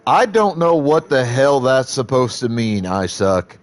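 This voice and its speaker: Casting: male streamer with a Southern American accent, unhurried and lively in pitch, blunt and rambling. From American Midwest. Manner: blunt, profane, rambling with restarts. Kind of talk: casual live-stream chat.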